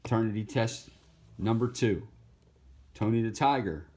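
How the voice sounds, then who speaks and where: A man's voice: on the low side, normal speed, darkish tone. A man casually walking through his sketchbook, easygoing and laughing at his own jokes. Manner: easygoing, laughs, jumps into goofy voices. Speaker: artist showing his sketchbook.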